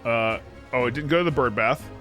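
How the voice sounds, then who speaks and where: A man's voice: mid-range voice, brisk, a bit bright, soft background music. A man streaming a video game, commenting casually with joking, sarcastic asides.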